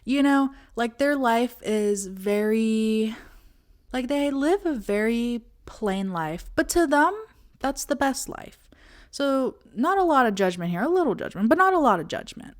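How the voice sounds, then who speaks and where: A woman in her twenties chatting casually to camera as a vlogger, playful and animated, acting out her friends' voices. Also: on the high side, a little slow.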